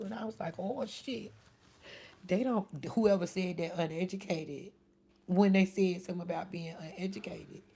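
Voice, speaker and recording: A woman's voice: fairly low pitch, warm tone. A middle-aged woman streaming live, chatting casually and answering commenters by name. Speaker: live streamer reading chat. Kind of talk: casual chat.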